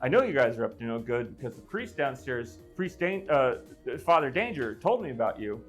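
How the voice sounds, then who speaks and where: A man speaking as the ghost of a young woman trapped in a church, blunt and exasperated, a little quieter than his narration. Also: mid-range voice, very animated, brisk, soft background music, pitched below the performer's own voice, natural voice. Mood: annoyed, demanding.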